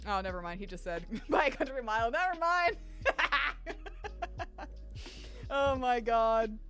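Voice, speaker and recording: Woman streamer, casual live chat, laughs a lot, voice pitched a bit high and very animated. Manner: giggly, laughs often, chatty and candid. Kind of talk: casual chat with live viewers while gaming.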